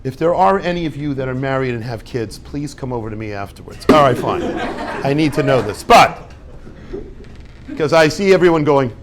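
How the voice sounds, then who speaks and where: A man giving an informal Torah talk to a group, lively and conversational, acting out little dialogues and dropping Hebrew and Yiddish words. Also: medium pitch, normal speed, a little hiss or hum. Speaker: rabbi teaching a class.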